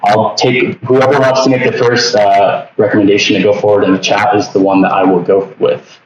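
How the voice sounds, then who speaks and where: Leading an online workshop from his home video-call setup, a man walks through the material, often restarting and using fillers. He speaks fairly quickly in a low, level tone, captured in a distant, echoey, noisy lo-fi recording.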